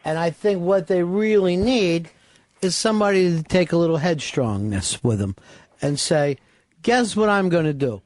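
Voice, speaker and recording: A man's voice: sits high, animated, normal speed, darkish tone, no echo, clean studio sound. A man hosting a radio talk show, bossy and brash, swearing freely as he plans a stunt. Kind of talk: casual radio banter.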